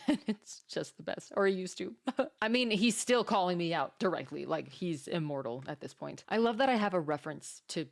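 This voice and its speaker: A woman's voice: fairly low pitch, lively intonation, moderate pace, gravelly. A woman hosting a casual reaction video, chatty and giggling often.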